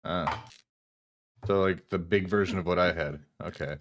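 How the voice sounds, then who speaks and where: A man's voice: low-pitched, fairly even intonation, normal speed, background noise. A man hosting a live stream with stuffed-up sinuses, chatting casually, reading chat aloud and poking fun at himself. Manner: apologetic, self-mocking, reads chat aloud. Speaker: streamer host.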